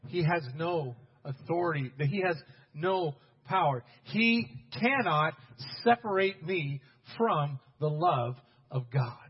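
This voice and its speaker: A man preaching a sermon as pastor, talking straight to his congregation and building to loud, emphatic bursts. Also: a little high, expressive, takes it slowly, husky, in a large hall, dull audio.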